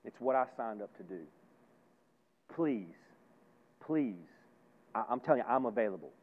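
A man preaching a sermon as pastor, folksy and emphatic, repeating phrases and swinging between loud and hushed. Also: medium pitch, racing. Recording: tinny phone-like sound.

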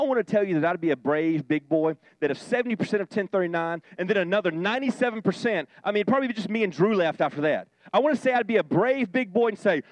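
A man's voice: fairly high pitch, no room sound. A man preaching a casual, jokey sermon, acting out the voices of biblical figures as he goes. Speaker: pastor.

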